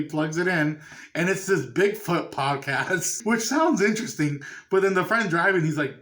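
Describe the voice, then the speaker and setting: A man's voice: on the high side, moderate pace, a bit bright. A man chatting loosely about a horror film he watched, swearing casually as he recaps it. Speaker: movie reviewer. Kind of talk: casual review chat.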